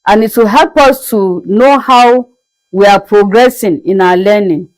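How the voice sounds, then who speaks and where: A woman teaching a French lesson, speaking slowly and repeating each word carefully for her learners. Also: mid-range voice, no room sound, poor audio. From Nigeria. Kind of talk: classroom language lesson.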